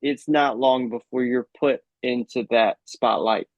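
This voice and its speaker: A man's voice: mid-range voice, fairly even intonation, measured pace, dry recording. A man hosts a podcast interview, asking casual questions with a few hesitations and fillers. The sound is dry and slightly dull, with little room around it. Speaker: podcast host.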